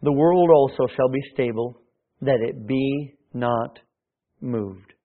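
A pastor with a medium-pitched voice delivers a sermon slowly, his volume swelling at moments as he keeps restarting phrases. The recording sounds tinny, almost like a phone.

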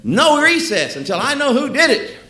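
A man playing a shouting, furious schoolteacher. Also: extremely high pitch, big pitch swings, normal speed, pitched above the performer's own voice, full character voice. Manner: shouting, barking orders. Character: stern, furious female schoolteacher, middle-aged. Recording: echoey room.

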